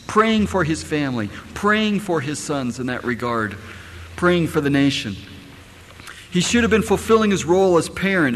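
A man's voice: a little high, a little hiss or hum. A middle-aged man, a pastor, preaching a sermon and firing rhetorical questions at his congregation. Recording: echoey hall, faint ambience.

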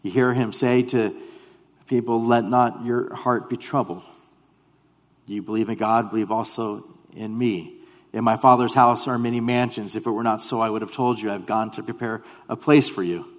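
A man preaching a sermon in an earnest way, repeating himself and dropping to a hush when he voices quoted prayers. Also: mid-range voice, level tone, normal speed. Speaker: pastor. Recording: long hall reverb.

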